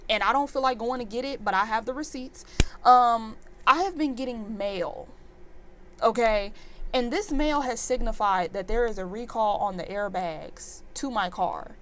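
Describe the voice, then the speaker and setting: A woman in her twenties telling a storytime vlog in an animated, exasperated rant full of fillers. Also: fairly high pitch, moderate pace. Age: 20s. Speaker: vlogger.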